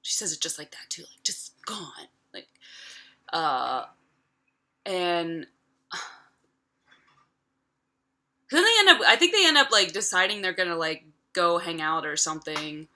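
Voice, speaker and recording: Bright-voiced chatty woman in her thirties. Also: on the low side, sing-song, slow, pauses often. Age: 30s. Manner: chatty, profane, peppered with filler words. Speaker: vlogger. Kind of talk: casual retelling of a film from memory.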